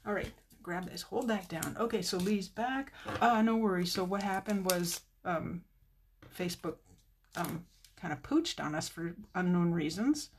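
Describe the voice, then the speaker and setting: A woman's voice: fairly low pitch, unhurried, a little hiss or hum. A middle-aged woman chatting with viewers while demonstrating card making on a live stream, with muttered asides to herself.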